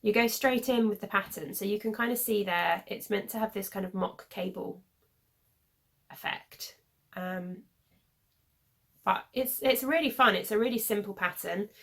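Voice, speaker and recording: Chatty hoarse woman knitting podcaster. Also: mid-range voice, normal speed, long pauses, a bit bright. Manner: rambling, many fillers, self-correcting. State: hoarse, losing her voice. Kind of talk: casual show-and-tell chat.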